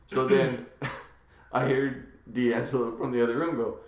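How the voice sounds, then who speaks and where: A male podcast host tells a story in relaxed chat. He is animated and breaks into laughter often. His voice sits at an ordinary middle pitch, and the room behind him rings with echo. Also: normal speed.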